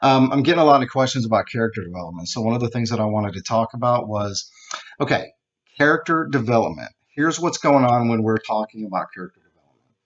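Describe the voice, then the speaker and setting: A man of middle pitch gives a casual lesson to students, chatty and informal, often checking in with "okay". The recording is muffled and lo-fi, as if made at home. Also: expressive, quick pace. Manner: conversational, repeats "okay", acts out examples. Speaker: teacher.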